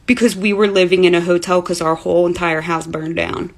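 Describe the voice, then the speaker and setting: A woman in her thirties telling a spooky family story in a casual, animated way, talking into a phone. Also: fairly low pitch, fairly quick, gravelly. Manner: chatty, animated, acts out voices in quotes.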